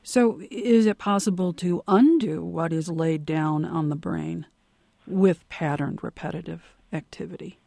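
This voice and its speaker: An interviewer with a gravelly, mellow voice poses follow-up questions and affirms the guest's points. The sound is dry and close. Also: mid-range voice, unhurried, dry recording. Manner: affirming, inquisitive.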